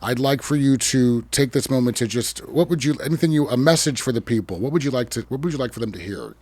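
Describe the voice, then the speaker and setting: A man's voice: medium pitch, lively intonation, quick pace, darkish tone. Easygoing male podcast host. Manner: easygoing, affirming interviewer. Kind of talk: casual interview.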